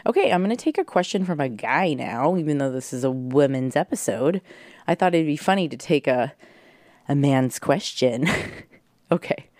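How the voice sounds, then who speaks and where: A woman's voice: sits low, expressive, moderate pace, a little mellow, no echo, studio quality. A woman hosting a solo podcast at home, giving a peppy pep talk to her listeners and swearing for emphasis. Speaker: podcast host. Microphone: close podcast mic.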